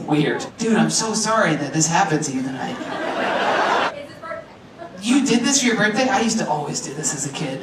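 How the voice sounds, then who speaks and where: A female stand-up comedian doing crowd work on a club stage, brash and profane, riffing quickly. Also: lowish voice, distant mic, very noisy. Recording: roomy club sound with a loud crowd.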